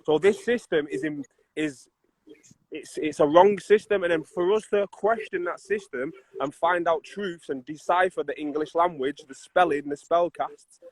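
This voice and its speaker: Man, podcast guest, earnest, halting, slightly high voice, dry sound. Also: no echo, poor audio. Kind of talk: earnest conversational explaining.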